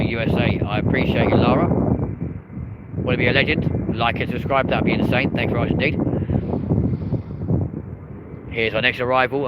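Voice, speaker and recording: Chatty man over loud wind. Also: mid-range voice. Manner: chatty, cheers planes on, reads out viewer chat. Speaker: live stream host. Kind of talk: live plane-spotting commentary. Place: outdoors by an airport runway. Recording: loud wind and traffic noise.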